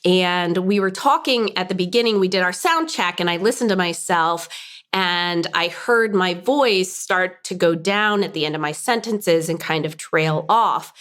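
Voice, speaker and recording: A woman in her forties, a lawyer by trade, speaks as a guest on a casual podcast. She explains things in a measured, articulate way, recorded in a hair salon. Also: lowish voice, a bit bright. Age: 40s. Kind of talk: casual interview.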